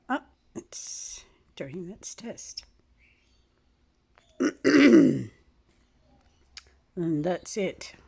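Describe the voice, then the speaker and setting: A woman in her sixties, rambling through a complaint to the camera and clearing her throat often. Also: lowish voice, a little mellow. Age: 60s.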